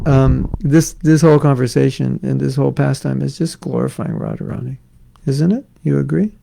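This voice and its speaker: A man's voice: medium pitch, creaky, mellow, poor audio. A middle-aged man giving a scripture class, conversational and joking with his listeners. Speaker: spiritual teacher. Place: class in Florida.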